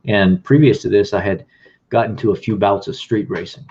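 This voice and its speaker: A man's voice: fairly low pitch, steady tone, normal speed, a little mellow, breathy edge. A man casually telling his own life story in a rambling way, acting out the dialogue he remembers. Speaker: vlogger. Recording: dull lo-fi recording.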